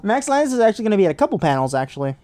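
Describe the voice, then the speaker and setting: A man's voice: high-pitched, sing-song, racing, warm tone. A young man co-hosting a casual chat, teasing his co-host and laughing easily. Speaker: podcast co-host.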